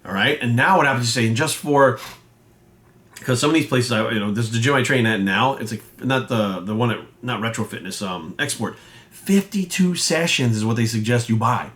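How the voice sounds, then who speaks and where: A man's voice: medium pitch, lively intonation, brisk, a bit bright. A man, a fitness coach ranting casually and bluntly, swearing often and acting out quoted voices. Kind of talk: casual rant to camera.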